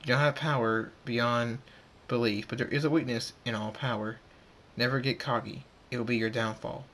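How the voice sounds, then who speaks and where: A man voicing an old male pony leader in a storybook, who speaks in solemn, measured pronouncements. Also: mid-range voice, steady tone, fairly bright tone, close to an everyday voice.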